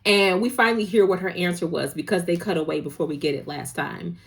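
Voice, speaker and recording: A woman's voice: lowish voice, steady tone, fast talker. A woman hosting a casual drama recap, talking in a playful, gossipy, slangy way and acting out the characters' lines.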